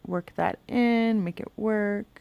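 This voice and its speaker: A beauty vlogger speaks slowly in a creaky, medium-pitched voice while doing a casual makeup tutorial in her bedroom. She's chatty, mutters to herself and hums occasionally; the recording has no room sound and its highs are cut off.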